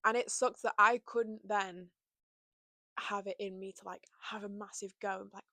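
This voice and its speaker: A woman's voice: fairly high pitch, brisk, fairly bright tone, no room sound. A young woman chatting casually and openly to camera from her bedroom, full of "like" and "you know". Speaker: vlogger. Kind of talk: casual confessional chat.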